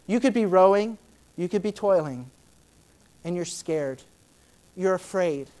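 A woman preaching a sermon in a conversational way, with many fillers, who acts out Bible scenes with sudden loud, high outbursts. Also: lively intonation, measured pace. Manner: dramatic, acting out Bible scenes in shifting voices.

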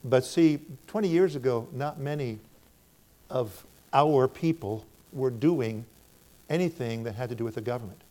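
A man's voice: mid-range voice, moderate pace, a little mellow. An older American man preaching, telling stories from his ministry and acting out both sides of the conversations. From United States. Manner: storytelling, acts out both sides of conversations in a raised voice. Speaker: minister speaking to a church. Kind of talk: preaching testimony.

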